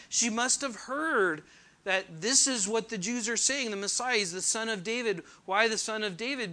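A man gives a sermon in a high, piercingly bright voice. He speaks earnestly and poses rhetorical questions to his listeners. He slows down deliberately whenever he reads scripture aloud. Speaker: pastor.

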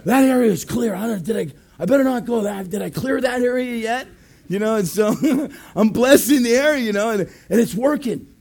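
A male pastor telling a lively testimony in a sermon, shouting out quoted blessings as he tells the story. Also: extremely high pitch, a little fast.

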